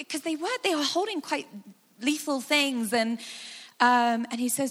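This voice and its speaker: A woman speaker giving a guided imagination talk, animated and conversational with frequent fillers. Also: sits high, measured pace. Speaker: church speaker. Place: large hall with a sound desk. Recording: long hall reverb.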